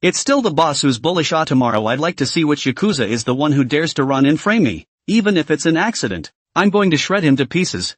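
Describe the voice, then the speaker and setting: A man's voice: on the high side, very animated, brisk, hardly any pauses, no room sound. A man voicing an arrogant, tipsy, boastful rich young man with a swaggering manner. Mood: smug.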